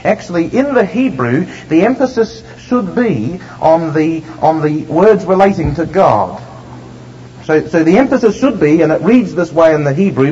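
A man's voice: on the high side, very animated, a little mellow. Man, sermon, emphatic preacher, faint room hiss behind. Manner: emphatic, reads scripture slowly with stress. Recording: dull lo-fi recording.

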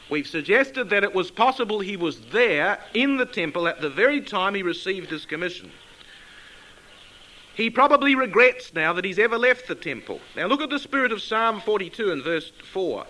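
Bright-voiced man teaching scripture. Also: high-pitched, poor audio. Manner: asks the listeners questions, reads scripture aloud slowly and with emphasis. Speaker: Bible teacher. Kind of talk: expository Bible class.

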